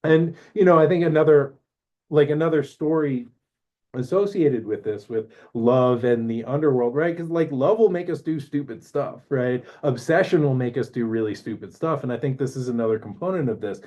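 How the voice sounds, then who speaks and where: A man with a mellow, warm voice musing casually about spiritual growth. His talk rambles, is full of fillers, and he keeps checking in with "right?" His pitch sits right in the middle. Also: moderate pace, lo-fi sound. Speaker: astrology podcast host.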